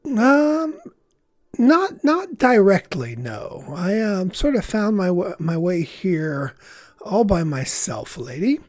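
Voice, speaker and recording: A man's voice: sits high, sing-song, slow, darkish tone, no echo, clean studio sound, faint music behind. Hesitant man playing a tabletop game. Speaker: player.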